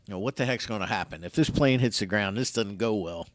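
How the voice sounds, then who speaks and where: A man's voice: on the low side, fast talker, dry recording, studio quality. A man in his sixties hosting a radio show, telling a story in casual chat and acting out what others said. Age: 60s. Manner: animated storyteller who acts out other people's lines.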